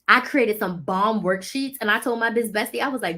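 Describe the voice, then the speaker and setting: A woman business coach chatting casually on a live stream, excitable, animated and full of slang. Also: mid-range voice, brisk, few pauses.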